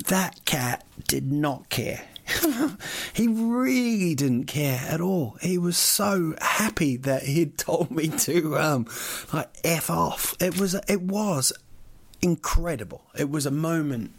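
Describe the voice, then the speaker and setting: A man's voice: fairly high pitch, expressive, slow, gravelly. A man, a comedian, telling a rambling, sweary comic story that keeps getting more worked up.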